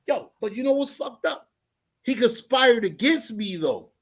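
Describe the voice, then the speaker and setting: A man hosting his own livestream, ranting off the cuff with heavy profanity. His pitch rides up and down with a lively, animated swing. He drops to mutters, then bursts out loud, repeating lines as he goes. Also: unhurried, slightly rough. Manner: profane, rambling, repeats phrases. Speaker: livestream host. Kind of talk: unscripted livestream rant.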